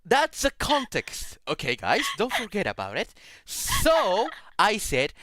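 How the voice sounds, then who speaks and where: A man chatting as a guest on a stream, excitable, laughing loudly and talking with many fillers. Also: high-pitched, slow pace, dry recording, studio quality. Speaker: guest Vtuber. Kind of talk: casual collab stream chat.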